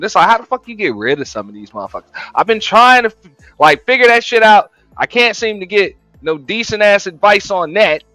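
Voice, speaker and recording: High bright-voiced man, profane laid-back host. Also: lively intonation, fairly quick, no room sound, dull audio, faint music behind. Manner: laid-back, swearing, laughing, repeats phrases. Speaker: show host reacting to clips. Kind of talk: casual profane reaction commentary.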